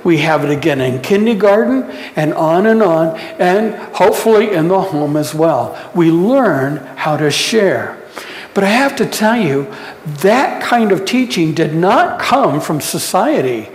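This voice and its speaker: A pastor preaching a sermon in a church, unhurried, putting questions to the congregation and adding light humor. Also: mid-range voice, sing-song. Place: church sanctuary. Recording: echoey church hall reverb.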